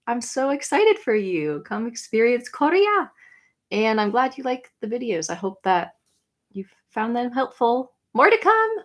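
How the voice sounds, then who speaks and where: A young woman chatting casually on a livestream, answering comments with lots of "like" and quick, bright greetings. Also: fairly high pitch, very animated. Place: home room.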